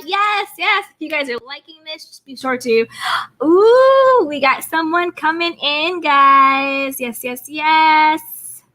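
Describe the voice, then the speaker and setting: Young American woman hosting a live chat; high, bright and chatty. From United States. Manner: chatty, reads out viewer comments. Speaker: livestream host. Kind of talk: casual live chat commentary.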